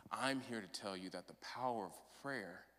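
A man in his thirties preaching a sermon as pastor, swinging from loud proclamation to soft, personal confession. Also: lowish voice, normal speed. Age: 30s. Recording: long hall reverb.

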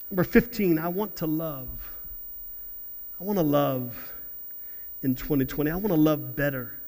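A man preaching a sermon as pastor in church, halting and repeating words, then building to loud outbursts. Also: high-pitched. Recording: long hall reverb.

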